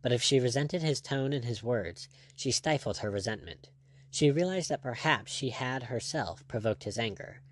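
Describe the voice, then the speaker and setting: Expressive male audiobook narrator. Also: medium pitch, moderate pace, dry recording. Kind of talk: scripted narration.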